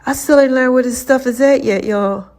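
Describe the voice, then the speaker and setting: Woman host, casual preaching monologue, slightly high voice, talks straight to listeners. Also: moderate pace, a little mellow. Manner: informal, chatty, talks to listeners directly with y'all. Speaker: podcast host.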